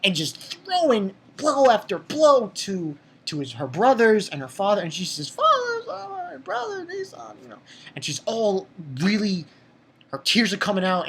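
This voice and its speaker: A woman's voice: deep voice, slightly rough. A young woman giving a casual, rambling recap and review of an anime episode, full of restarts and the odd swear.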